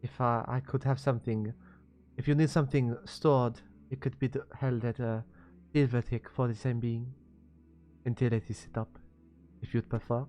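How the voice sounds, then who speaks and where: A man's voice: medium pitch, little pitch movement, a little mellow, soft background music, natural voice. A man voicing a poised woman tech mogul with a put-on French accent, speaking formally in a tabletop role-play. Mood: composed. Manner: formal, courteous, measured.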